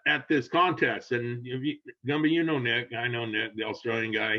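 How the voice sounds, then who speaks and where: An older man telling a long rambling story in casual chat, animated and laughing, acting out quotes in a raised voice. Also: mid-range voice. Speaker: guest storyteller. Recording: dull lo-fi sound.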